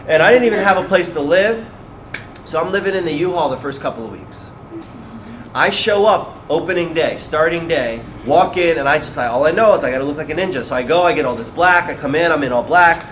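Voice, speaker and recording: A man's voice: a little high, fast, noisy background. A man giving a live talk at a beauty school, telling a story and acting out the people in it, with lots of "like" fillers. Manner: acts out quoted dialogue, many fillers like "like". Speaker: guest speaker at a beauty school. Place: school hall, live audience.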